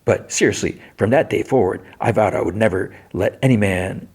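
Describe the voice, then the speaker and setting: A man's voice: fairly low pitch, brisk, creaky, a little mellow, husky. A man voicing a scarred, bitter male survivor who talks blunt and plain.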